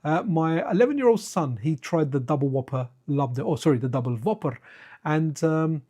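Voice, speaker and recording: A man's voice: on the high side, normal speed, dark tone. A man chatting casually to his viewers on a live stream while playing retro games, wandering off into side stories and addressing chat by name.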